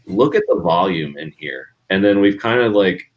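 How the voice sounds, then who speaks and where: Chill guy with a lowish voice going over a chart on stream. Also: normal speed, highs cut off. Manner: relaxed, walks through a chart. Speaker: crypto livestream co-host. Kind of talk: casual livestream chat.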